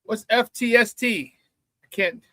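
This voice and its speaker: A man hosting a casual sports talk show, animated, laughing easily and greeting viewers by name. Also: very high-pitched, measured pace, no room sound, studio quality.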